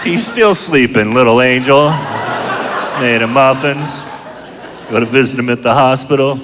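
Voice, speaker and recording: A middle-aged man doing a stand-up comedy set, telling crude, self-mocking stories in a deadpan way, recorded live in a comedy club. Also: medium pitch, moderate pace. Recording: live club show, long hall reverb, audience noise. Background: audience laughter.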